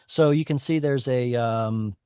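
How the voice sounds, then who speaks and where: A man's voice: mid-range voice, unhurried, mellow, clean tone, dry recording, clean studio sound. Chatty man teaching Hebrew over a call. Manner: explanatory, self-correcting, chatty. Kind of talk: online class teaching. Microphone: video call.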